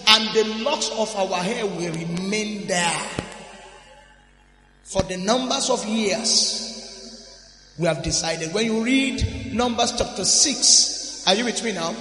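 A man with a very high, bright, forceful voice preaches a sermon, calling out to the congregation and swinging between quiet asides and shouted emphasis. The sound carries a long, roomy reverb from a big hall, with faint music behind him. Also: animated, measured pace. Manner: emphatic, with frequent call-and-response to the congregation. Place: church service in a large hall.

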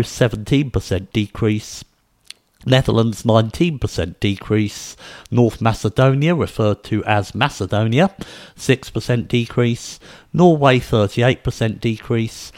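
A man methodically reading out a list of figures and then giving his own speculative commentary, in a steady, measured way. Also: mid-range voice, no room sound. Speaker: video commentator.

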